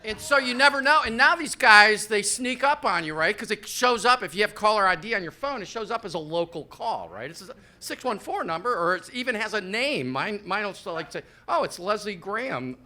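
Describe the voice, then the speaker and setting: A man's voice: sits high, expressive, a little fast, few pauses, pushed and bright. A man in his fifties doing a rambling, profane, self-deprecating stand-up set on a live comedy stage. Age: 50s.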